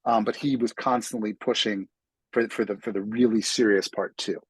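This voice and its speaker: Guest author from New York, lower voice, husky, dry close sound. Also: male voice, fairly even intonation, normal speed, no echo, poor audio. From New York City. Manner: self-deprecating storyteller with frequent restarts. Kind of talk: casual interview conversation.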